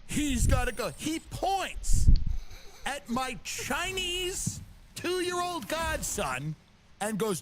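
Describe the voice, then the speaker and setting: Animated high-pitched comic ranting over loud music. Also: male voice, extremely slow, a little hiss or hum. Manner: animated, profane, acts out other people's lines. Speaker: stand-up comedian. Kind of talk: comedic storytelling rant.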